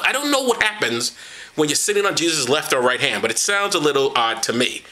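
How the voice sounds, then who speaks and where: A man's voice: on the high side, very animated, a little fast, bright, forceful tone. A man reading the Bible aloud as comedy, with profane, mocking commentary and put-on voices for the quoted lines, gesturing as he goes. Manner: gesturing while reading, knocks things over.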